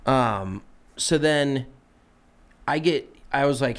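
A man's voice: medium pitch, slow, long pauses. Profane, exasperated male podcast storyteller. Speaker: podcast co-host. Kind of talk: casual storytelling chat.

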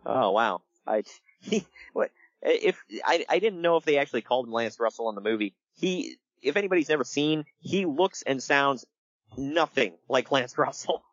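A man hosting a casual podcast, telling stories in an animated way and laughing along. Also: medium pitch, no echo, highs cut off. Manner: animated storytelling with laughs and quick impressions. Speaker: podcast host. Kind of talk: casual wrestling podcast chat.

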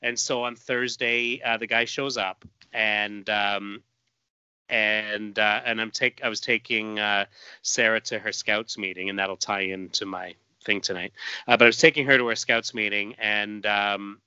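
A man's voice: fairly low pitch, fairly even intonation, a little slow, bright, forceful tone, clean tone, no room sound, dull audio. A man chatting casually on a podcast, telling a long story full of fillers and restarts. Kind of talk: casual chat.

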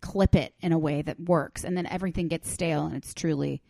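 A woman's voice: deep voice, fairly even intonation, fairly quick, gravelly, warm tone, no echo. A woman in her thirties co-hosting a podcast in casual, candid chat, laughing often and telling stories with animation. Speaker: podcast co-host.

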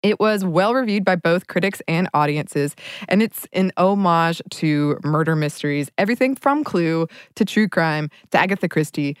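A woman's voice: lowish voice, lively intonation, moderate pace, smooth, no room sound, clean studio sound. A woman co-hosting a podcast, chatting casually and laughing often. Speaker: podcast co-host.

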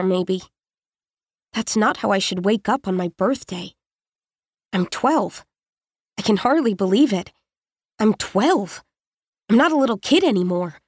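A woman reading a first-person story in a slow, tense, suspenseful manner. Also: medium pitch, a little mellow, no echo, clean studio sound. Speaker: audiobook narrator. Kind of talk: first-person scripted narration.

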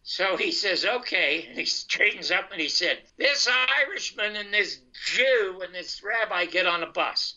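Older man telling an anecdote, bright tone. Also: high-pitched, a little slow. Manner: animated storyteller quoting others in dialogue. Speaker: guest comedian. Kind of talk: storytelling anecdote. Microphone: video call. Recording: muffled internet call line.

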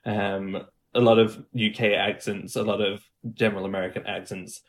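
A man's voice: lowish voice, flat delivery, normal speed. Man explaining his work as a dialect coach. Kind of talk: casual podcast interview.

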